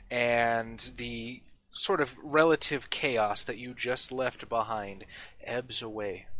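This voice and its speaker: A man narrating a tabletop game as game master, in a measured, descriptive way with filler phrases. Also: mid-range voice, pushed and bright.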